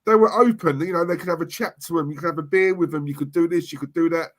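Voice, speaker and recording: A man's voice: on the high side, fast. A man, talking bluntly and emphatically in a casual chat.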